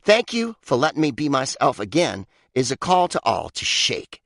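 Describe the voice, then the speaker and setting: A man's voice: medium pitch, huge pitch swings, normal speed, gravelly, a bit bright, dry recording, clean studio sound. A man reading his own comic book aloud, sardonic and mock-pompous, with big swoops for emphasis. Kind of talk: comic audiobook narration.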